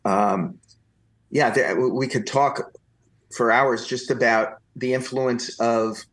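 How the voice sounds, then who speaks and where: A man from New Jersey, a podcast guest, telling long stories in an animated way and acting out the people he quotes. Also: mid-range voice, slow. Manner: animated anecdotal storytelling, acts out quoted voices. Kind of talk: storytelling interview.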